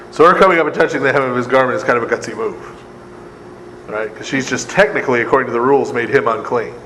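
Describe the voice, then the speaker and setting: Priest teaching in an echoey hall. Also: male voice, medium pitch, a bit bright. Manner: conversational, keeps asking "right?", laughs often; sarcastic asides. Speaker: priest teaching Bible study. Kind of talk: Bible study lecture. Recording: echoey room, long reverb, faint air conditioning hum.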